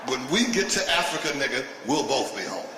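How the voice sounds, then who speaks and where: Older comedian, echoey live room. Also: male voice, mid-range voice, sing-song, fairly quick, crowd noise. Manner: provocative, punchy delivery with bursts of shouting. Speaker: stand-up comedian. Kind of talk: stand-up routine. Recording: echoey live venue from a distance with noise.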